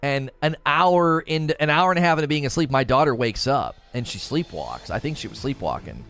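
A man's voice: medium pitch, expressive, brisk, a bit bright, soft background music. A man chatting casually on a livestream, reading chat messages aloud and telling rambling stories. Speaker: streamer.

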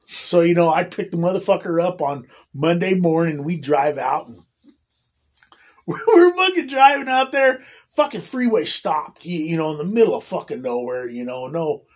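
A man's voice: on the high side, animated, moderate pace, husky. A man casually telling a long story, swearing constantly, laughing often and restarting his sentences. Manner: profane, laughing, rambling with many restarts.

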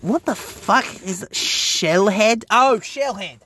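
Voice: medium pitch, takes it slowly, bright, forceful tone, a little hiss or hum. A podcast host chatting casually and swearing freely while taking requests from listeners. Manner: profane, self-mocking.

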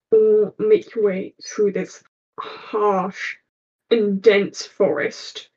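A woman game master narrating a tabletop game, setting scenes in a slow, meandering, descriptive way. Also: medium pitch, little pitch movement, darkish tone, dull audio.

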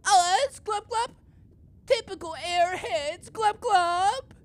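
A woman voicing an excitable male goldfish king who ends his lines with "glub glub" in a comedy podcast. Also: very high voice, slow, no room sound, pitched above the performer's own voice. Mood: earnest.

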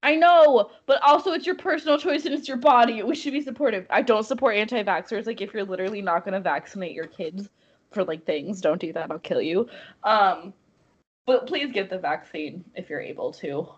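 A young woman co-hosting a podcast, chatting casually, giggling and animated as she tells stories. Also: mid-range voice, brisk, slightly rough, highs cut off. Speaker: podcast co-host.

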